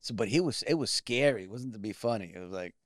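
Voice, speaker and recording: A middle-aged man hosting a casual conversation, playful and expressive as he tells his own stories. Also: lowish voice, fast talker, no room sound, studio quality. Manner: expressive, playful, earnest asides. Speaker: podcast host.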